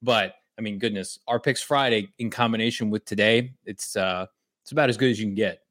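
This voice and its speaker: A man's voice: on the low side, fairly quick, a bit bright, no room sound, clean studio sound. A man co-hosting a sports betting show, chatting in a brash, boastful way with some swearing. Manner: brash, profane, boastful banter. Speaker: co-host. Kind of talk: casual sports betting chat.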